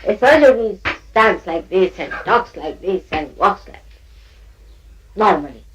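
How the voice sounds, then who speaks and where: A woman's voice: medium pitch, expressive, moderate pace, a little hiss or hum, poor audio. An older woman teaching at a spiritual gathering, scolding her listeners playfully and often breaking into laughter as she mimics them.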